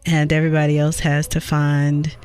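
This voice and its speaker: A talk show guest speaking firmly and deliberately about Christian faith and giving. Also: medium pitch, monotone, a little mellow. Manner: slow, deliberate, firm about beliefs.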